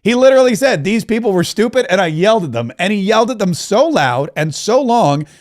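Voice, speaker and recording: A man hosting a political commentary show in an animated, chatty way, often repeating phrases. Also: high voice, brisk.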